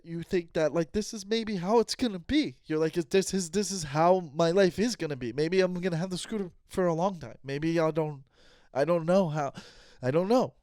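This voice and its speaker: Loud, excited stand-up comedian man. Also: sits high, no echo, studio quality. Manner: loud, excited, acting out characters.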